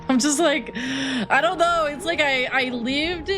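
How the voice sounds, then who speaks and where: A woman's voice: high voice, takes it slowly, pushed and bright, a little hiss or hum. A woman from Texas streaming a game, chatting casually and swearing freely as she reacts. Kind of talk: casual gaming livestream chat.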